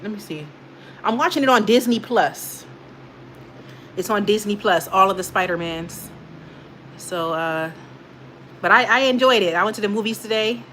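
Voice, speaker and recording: A young woman chats loosely to her livestream viewers, wandering from thought to thought with plenty of fillers. Her voice sits at a middle pitch. A faint noise hums under the recording. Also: a bit bright. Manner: rambling, chatty, talks straight to viewers with many fillers. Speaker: channel host reading live chat. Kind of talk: casual livestream chat.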